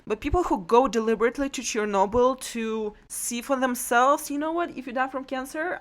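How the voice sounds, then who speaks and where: A woman's voice: sits high, brisk. Woman guest, non-native English speaker, earnest. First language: Russian. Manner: earnest, searching for English words, self-deprecating. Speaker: podcast guest. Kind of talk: casual podcast chat.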